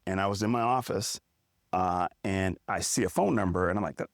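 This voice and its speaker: A middle-aged man from Milwaukee telling a personal story as a podcast guest, in a deliberate, unhurried way. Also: sits low, dry recording, studio quality. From Milwaukee, United States. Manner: measured, deliberate storytelling with drawn-out words. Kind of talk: casual storytelling interview.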